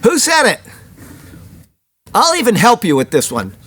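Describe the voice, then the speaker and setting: High, animated male news host. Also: measured pace, slight background noise. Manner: opinionated, with rambling personal asides. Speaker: host of a weekly prophecy news report. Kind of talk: chatty news commentary.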